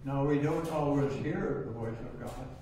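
A man in his nineties giving a sermon in a church, talking in a plain, unhurried way. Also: mid-range voice, dark tone, slight background noise. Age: 90s. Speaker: church speaker. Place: church sanctuary. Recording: echoey hall, voice from far off.

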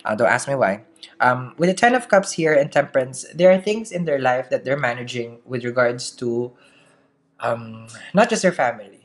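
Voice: mid-range voice, expressive, normal speed. A tarot reader with a slight accent, giving a casual daily reading to camera, chatty, often laughing and checking in with the listener. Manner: chatty, laughs often, keeps asking "okay?".

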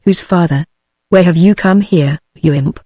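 A woman's voice: fairly low pitch, measured pace, no room sound. Feverish, short-tempered man in a storybook, read by a British female synthetic voice, level and dry. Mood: angry. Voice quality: synthetic text-to-speech voice. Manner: flat, even reading with no character voice.

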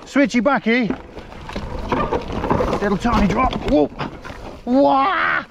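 A man's voice: very high voice, lively intonation, slow pace, gravelly. A man filming his mountain bike ride on a helmet camera, exclaiming and laughing as he goes. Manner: exclaiming and laughing, breathless bursts. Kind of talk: excited ride commentary. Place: outdoors on a wooded hill trail. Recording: muffled helmet-cam audio with wind and trail noise.

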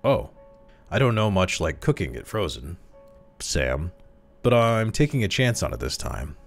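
A man reading a story aloud, voicing a young pregnant wife in a bright, rehearsed, sweet manner. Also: deep voice, very animated, a little slow, vocal fry, faint music behind, heavily acted.

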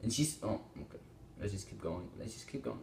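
Teen male reaction host, exclaims and rambles, low-ish voice in a roomy space. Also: expressive, fairly quick, gravelly, darkish tone. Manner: rambling, exclaiming, swearing often. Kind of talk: casual reaction commentary. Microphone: small desktop microphone.

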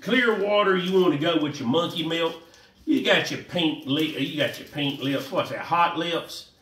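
A man's voice: fairly high pitch, normal speed, far from the mic. A man, rambling casually through a fishing how-to vlog and talking straight to his viewers. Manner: rambling, animated, talks to viewers as y'all. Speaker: fishing vlogger. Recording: roomy echo, voice a bit off-mic, faint noise.

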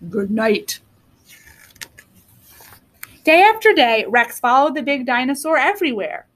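A woman teacher reading a storybook aloud to young children in an expressive, animated way. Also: high voice, a little fast. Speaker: kindergarten teacher.

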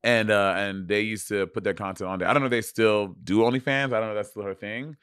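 A man with an accent co-hosting a podcast, sassy and chatty, often trailing into quieter asides. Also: lowish voice, steady tone, quick pace, smooth, no room sound, clean studio sound. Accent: Caribbean-tinged accent. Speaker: podcast co-host. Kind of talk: casual banter.

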